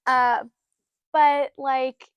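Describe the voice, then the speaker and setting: High-voiced young woman, swearing and animated. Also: drawn-out words, smooth, dry recording. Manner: animated, swears often, laughs a lot. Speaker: podcast co-host. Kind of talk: casual chat.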